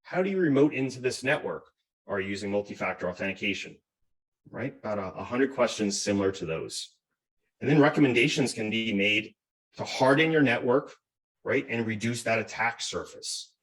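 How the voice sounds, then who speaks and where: A man's voice: lowish voice, animated, moderate pace, fairly bright tone. Man explaining from far off the mic. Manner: explanatory, fond of asking "right?". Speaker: cybersecurity expert guest. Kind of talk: webinar presentation.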